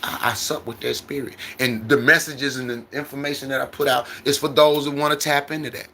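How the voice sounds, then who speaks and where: Bright-voiced man preaching on a livestream. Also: medium pitch, level tone, a little fast. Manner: repetitive, preacherly storytelling. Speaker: trucker livestreamer. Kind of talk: casual livestream monologue.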